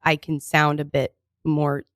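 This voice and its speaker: Brief: woman from Houston area, low voice, giggly improv guest on a studio mic. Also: monotone, unhurried, fairly bright tone, dry recording. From Houston area, Texas. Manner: playful, giggly, jokey. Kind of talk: casual podcast chat. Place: radio studio.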